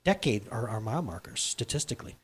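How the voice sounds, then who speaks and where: A middle-aged man preaching a sermon to his church in a candid, conversational way, with sudden loud bursts. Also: mid-range voice, lively intonation, fast, husky. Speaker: pastor. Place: church hall.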